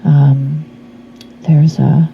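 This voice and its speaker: Slightly hoarse lady reading tarot cards, low voice, slow rambly chat, a bit muffled. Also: level tone, slight background noise. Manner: meandering, chatty, trails off with fillers. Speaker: tarot reader. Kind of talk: casual tarot reading vlog.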